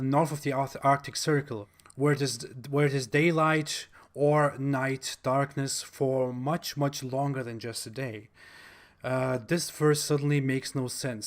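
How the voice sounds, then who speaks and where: A man with a German accent hosting a video, talking in a blunt, mocking monologue with pauses and fillers. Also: mid-range voice. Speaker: video host.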